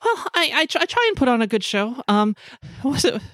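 A woman voicing an excitable, worn-out female singer who talks in a breathless, gushing rush. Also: high voice, a little fast, no echo, clean studio sound, pitched above the performer's own voice. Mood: flustered.

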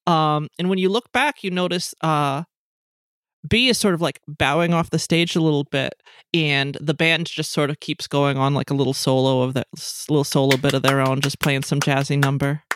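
A woman's voice: low voice, steady tone, moderate pace, dry recording. Woman narrating a tabletop game. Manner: rambling, many fillers and restarts. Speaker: game master.

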